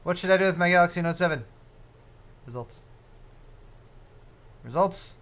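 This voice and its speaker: A man's voice: sits high, level tone, very fast, fairly bright tone. Rambling, jokey man on a live tech show. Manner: rambling and jokey, with many fillers and restarts. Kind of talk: casual live-stream banter.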